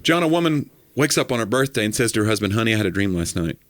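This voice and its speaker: Male podcast co-host, low register, dry close sound, lively comic storyteller who slips into character voices. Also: racing, no room sound. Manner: animated joke-telling, acting out voices in quotes. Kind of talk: casual comedic chat.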